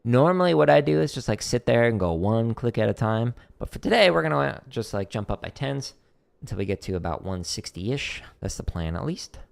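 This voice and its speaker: A man casually talking through a drum practice stream, explaining relaxed with a dry, deadpan humor. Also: mid-range voice, fairly quick, creaky.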